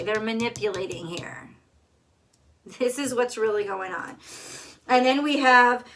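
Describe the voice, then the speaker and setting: Tarot reader, woman, bright higher voice, blunt and emphatic, swears freely. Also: normal speed, long pauses. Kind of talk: casual tarot card reading.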